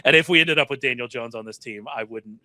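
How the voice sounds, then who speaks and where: A man talking through a fantasy football draft in casual chat, chatty and quick to correct himself. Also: medium pitch, sharp tone, no echo. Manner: chatty, self-correcting, laughs often.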